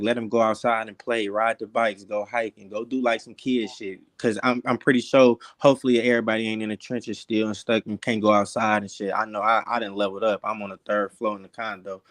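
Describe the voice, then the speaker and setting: A man's voice: lowish voice, little pitch movement, brisk, few pauses, no room sound. A young man in casual chat on a podcast, talking bluntly in street slang with heavy cursing. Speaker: podcast panelist.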